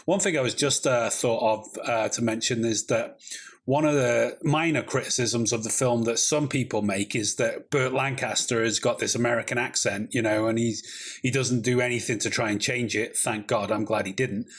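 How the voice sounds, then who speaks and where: A man's voice: medium pitch, steady tone, moderate pace, husky. A man hosting a film review podcast, talking in a loose, enthusiastic, chatty way and swearing casually. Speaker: podcast host.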